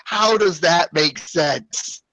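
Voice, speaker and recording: A man's voice: a little high, drawn-out words, heavy background noise. A young man hosting a casual group video chat, joking and rambling with frequent laughs. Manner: jokey, rambling, laughs often. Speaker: host. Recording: muffled lo-fi audio.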